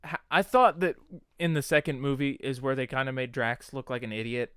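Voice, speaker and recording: Man, casual podcast chat, laughs a lot, acts out movie scenes, smooth voice. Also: mid-range voice, fairly even intonation, a little fast, fairly bright tone, no echo, clean studio sound. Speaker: podcast co-host.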